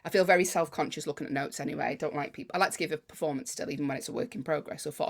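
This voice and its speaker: A woman comedian, telling a lively anecdote in casual podcast chat. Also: low-pitched, very fast, creaky, few pauses. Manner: lively anecdote-telling, acts out other people.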